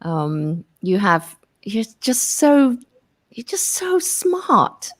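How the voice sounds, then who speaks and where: A woman's voice: mid-range voice, sing-song, drawn-out words. A woman host chatting casually on a video call, praising the guest with hesitant restarts. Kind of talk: casual chat.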